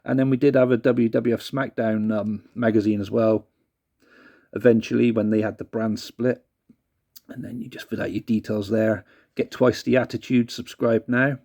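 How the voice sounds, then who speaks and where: A man's voice: on the low side, little pitch movement, moderate pace, a little mellow. A man casually rambling through a CD review, self-deprecating and apologetic. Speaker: vlogger reviewing a CD.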